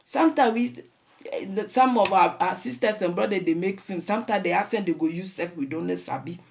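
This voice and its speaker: A middle-aged woman with a Ghanaian accent, hosting a talk show and lecturing her listeners in a lively, preachy way, dropping Pidgin and Twi phrases. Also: mid-range voice, fairly quick, creaky. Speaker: show host. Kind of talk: casual talk show monologue.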